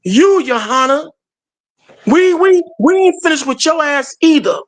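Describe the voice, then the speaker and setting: A man's voice: very high voice, expressive, a little slow. A man hosting a heated live stream show, fired up and calling people out by name.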